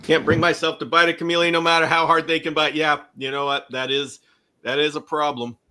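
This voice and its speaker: A man's voice: a little high, flat delivery, fast, sharp tone, smooth. A middle-aged man from California hosting a casual livestream, chatting and reading viewer comments aloud. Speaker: livestream host.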